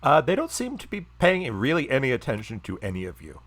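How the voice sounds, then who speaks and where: A man running a tabletop game as game master on a live stream, unhurried and laughing along with his players. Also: mid-range voice, huge pitch swings, fairly bright tone.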